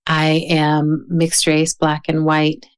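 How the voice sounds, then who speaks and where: A woman from the American South, a writer speaking as a podcast guest in a thoughtful, measured way. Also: sits low, monotone, clean tone. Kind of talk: reflective podcast conversation.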